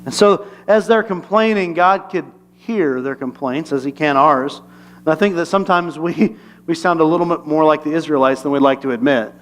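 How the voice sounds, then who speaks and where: A man's voice: fairly high pitch, moderate pace, slight background noise. A male pastor giving a conversational, humorous sermon and asking the congregation questions.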